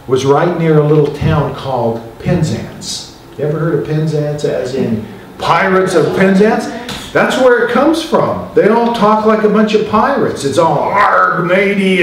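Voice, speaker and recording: A man's voice: on the high side, slight background noise. Chatty man telling stories in an echoey hall. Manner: chatty, jokey storytelling with asides to the audience. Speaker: filmmaker giving a talk. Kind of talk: storytelling talk to an audience. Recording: echoey hall, mic far off.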